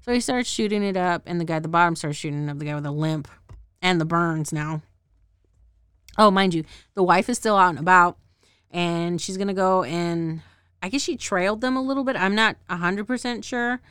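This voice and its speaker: A woman with a slightly low, smooth voice recaps a movie for her podcast in a loose, rambling way, cursing freely. The recording is dry and close, with no room sound. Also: brisk, fairly bright tone, no room sound. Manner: rambling, profane, laughs at herself. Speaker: podcast host.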